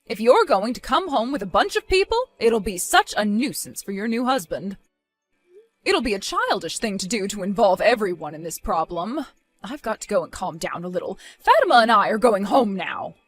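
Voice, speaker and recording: A woman's voice: mid-range voice, normal speed, faint music behind. A woman voicing a stern, disappointed mother. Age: 50s. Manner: calm, stern, reproachful.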